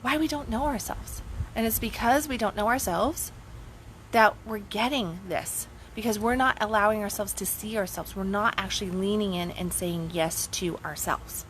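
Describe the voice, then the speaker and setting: A woman's voice: mid-range voice, moderate pace, a bit bright, slight background noise, poor audio. A woman life coach giving a blunt, casual motivational talk, swearing freely and asking rhetorical questions.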